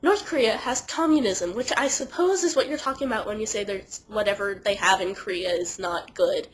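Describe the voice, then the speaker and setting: A young woman with a stuffy nose from being sick, chatting casually to camera and telling a story in a rambling, animated way. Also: mid-range voice, fairly quick, slight background noise, rough recording. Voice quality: nasal. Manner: chatty, animated, lots of "like", funny voices for quoted people. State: sick and congested. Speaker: vlogger.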